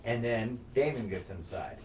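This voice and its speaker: Man excitedly recapping a show, echoey room. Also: mid-range voice, normal speed. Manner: excited, swearing, acts out scenes with sound effects. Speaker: podcast co-host. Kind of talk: casual chat recapping a TV episode. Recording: echoey room, mic at a distance, faint noise.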